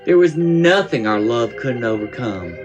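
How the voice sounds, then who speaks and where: Guy doing a southern housewife reading her diary, slow drawl, wistful and earnest, mid-pitched, music going behind. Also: lively intonation, highs cut off, close to an everyday voice. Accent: Southern US, put on. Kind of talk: dramatic reading of a diary entry.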